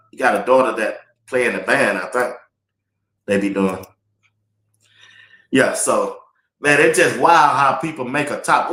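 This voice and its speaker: A man's voice: mid-range voice, pushed and bright. A man hosting a live sports talk stream, laughing often and chatting loosely while reading viewer comments. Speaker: livestream sports talk host. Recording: echoey room.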